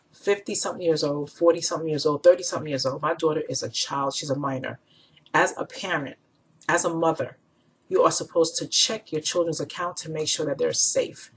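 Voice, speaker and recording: A woman vlogger and mother in her thirties, talking casually to camera and retelling an online exchange with indignant, animated quoting. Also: deep voice, slightly rough, low-quality recording. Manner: animated, indignant, retells chats with mimicked quotes.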